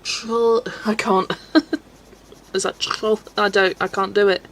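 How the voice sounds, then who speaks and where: A woman's voice: medium pitch, little pitch movement, slow, fairly bright tone, slight background noise, low-quality recording. Chatty laughing woman streamer from Belgium. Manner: chatty, laughs often, stumbles over names. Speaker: livestream host reading chat. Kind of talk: casual livestream chat. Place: home, colouring at a desk.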